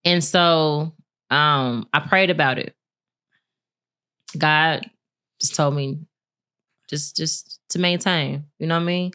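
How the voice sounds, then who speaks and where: Low-voiced woman telling a personal story. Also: slow, pauses often, smooth. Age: adult, married with a son. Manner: candid, animated retelling with laughs and acted-out quotes. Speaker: podcast co-host. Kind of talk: casual storytelling chat.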